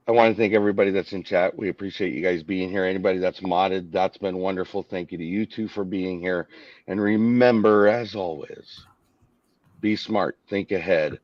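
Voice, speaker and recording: A man's voice: low voice, fairly even intonation, moderate pace, no room sound, highs cut off. A man hosting a casual live-stream chat, agreeing with guests and wrapping up with thanks to the chat. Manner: agreeable, wraps up with sign-off. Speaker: host.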